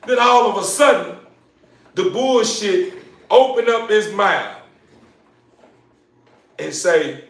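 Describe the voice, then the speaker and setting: A man with a fairly high voice tells a long personal story, cursing freely and repeating himself for rhythm. He sounds distant from the mic, and the room around him rings with echo. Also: slow, pauses often. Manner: profane, repetitive, builds up excitement. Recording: roomy, from a distance.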